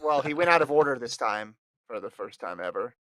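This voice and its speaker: A man's voice: medium pitch, lively intonation, brisk, a bit bright, dry recording. Chatty man running a fantasy draft. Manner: chatty, teasing, reads out lists of picks. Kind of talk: casual chat.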